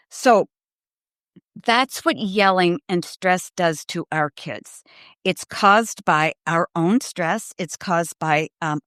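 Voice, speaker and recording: A middle-aged woman with a fairly low voice hosts a parenting show. She speaks earnestly and emphatically, addressing parents directly. The sound is close and dry, with no room around it. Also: no room sound. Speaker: parenting podcast host. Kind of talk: live Q&A advice talk.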